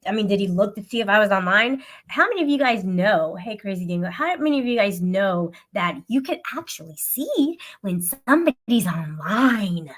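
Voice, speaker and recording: A woman's voice: medium pitch, expressive, moderate pace, hardly any pauses. A woman livestreamer venting to her live chat, upset and swearing in an aggrieved rant. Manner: aggrieved, profane ranting.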